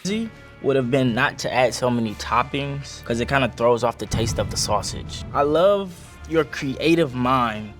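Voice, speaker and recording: A man taste-tests a dish on a cooking show and hands down blunt, matter-of-fact verdicts. His voice sits at an everyday middle pitch. Music plays clearly behind him. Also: expressive, moderate pace, hardly any pauses. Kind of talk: casual food critique.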